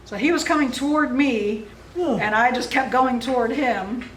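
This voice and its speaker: A woman's voice: on the high side, moderate pace, slight background noise. A woman dog training instructor explaining exercises in a friendly, easygoing way, chuckling often. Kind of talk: instructional seminar talk. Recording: roomy, distant mic.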